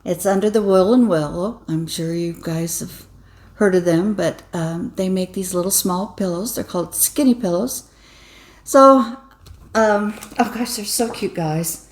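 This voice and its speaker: A woman's voice: medium pitch, unhurried. A woman co-hosting a casual craft chat, talkative, with restarts and little laughs. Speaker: co-host. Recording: echoey room with faint noise.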